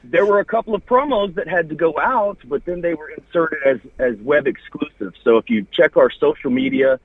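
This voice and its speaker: A man's voice: fairly high pitch, a little fast. A man with a Southern US accent, a wrestling TV host, chatting casually and plugging his show with lots of names and details. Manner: promotional, rattles off names and details. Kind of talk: casual podcast chat. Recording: dry, husky, phone-like line.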